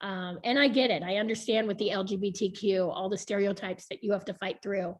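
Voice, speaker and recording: Woman, chatty, frank, laughing, middle pitch, video call. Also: fairly even intonation, brisk. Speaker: board member being interviewed. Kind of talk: casual video call chat.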